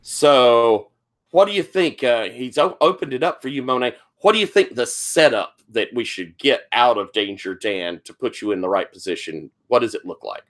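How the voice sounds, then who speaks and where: A man runs a tabletop wrestling game over a video call. His voice is mid-pitched and easygoing. He keeps the scene moving with steady questions to the players. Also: moderate pace. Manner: relaxed, guiding players with questions. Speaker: game master.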